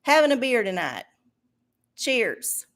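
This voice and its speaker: Woman, livestream host, profane sarcastic rants, slightly high voice. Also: very animated, slow pace, a bit bright. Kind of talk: casual livestream chat.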